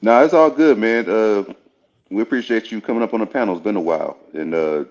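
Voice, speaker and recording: A man's voice: lowish voice, brisk, darkish tone, highs cut off. A laid-back man hosting a livestream and wrapping up the chat. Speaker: stream host.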